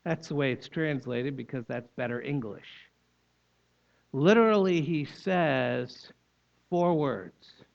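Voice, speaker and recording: A man's voice: mid-range voice, slow pace, creaky. A man preaching a sermon, explaining scripture in a teaching manner with emphatic repetition. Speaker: pastor. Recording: dull lo-fi recording.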